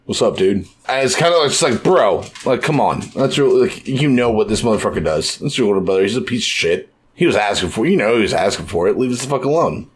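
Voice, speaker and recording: A man's voice: on the low side, animated, quick pace, few pauses, a little hiss or hum. A young man co-hosting a podcast in casual chat, loose and profane, animating scenes with sudden voice shifts. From United States. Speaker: podcast co-host.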